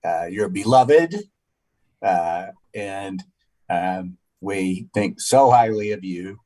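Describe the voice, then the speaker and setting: A man, a city councilor, giving an informal tribute at a council meeting, halting with many fillers and restarts. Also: deep voice, dark tone.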